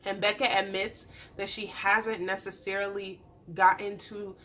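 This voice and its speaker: Bright, chatty young woman recapping TV. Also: medium pitch, unhurried, slight background noise. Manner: chatty and animated, acting out the people she quotes. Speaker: YouTube TV recap host. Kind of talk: casual recap vlog.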